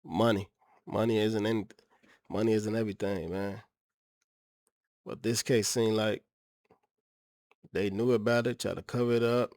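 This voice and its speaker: A man's voice: fairly low pitch, little pitch movement, unhurried, pauses often, darkish tone, dry recording, clean studio sound. A man hosting a reaction video, talking in a rambling, slangy, incredulous way. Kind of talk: casual reaction commentary.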